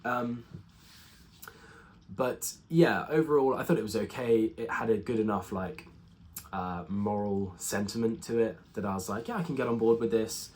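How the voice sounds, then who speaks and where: Guy, lowish voice, chatty film review, lots of ums and restarts. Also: moderate pace, darkish tone. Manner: rambling, full of ums and restarts. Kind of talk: casual spoken review.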